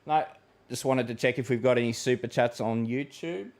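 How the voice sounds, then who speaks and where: A man's voice: mid-range voice, moderate pace, darkish tone. Chatty Australian man hosting a weather livestream. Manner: chatty and matey, with many fillers and restarts. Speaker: weather forecaster and livestream host. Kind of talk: casual livestream chat reading viewer comments.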